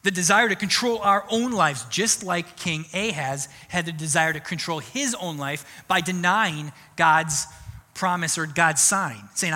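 A man preaching a sermon in a conversational, animated way. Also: high voice, normal speed. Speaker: pastor. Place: church sanctuary. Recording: long church hall reverb.

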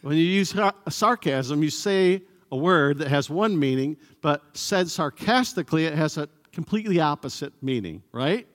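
A man preaching a sermon as pastor, slow and emphatic, sometimes acting out sarcastic voices. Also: fairly high pitch. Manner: animated, acts out sarcastic voices; slow, emphatic delivery with pauses. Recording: long hall reverb.

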